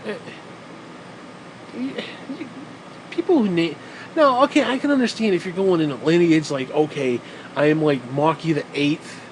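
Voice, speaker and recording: A man's voice: fairly high pitch, moderate pace, pauses often, slight background noise, rough recording. A man in his forties ranting in a rambling, sarcastic, profane monologue as a vlogger.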